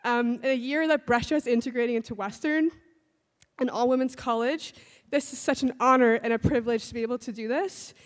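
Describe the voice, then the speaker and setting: A young woman giving an emotional, halting acceptance speech as a newly elected student president, grateful and at a loss for words. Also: a little high. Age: young adult. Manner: halting, grateful, restarts often. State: emotional, tearful. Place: large hall. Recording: long reverb in a large hall.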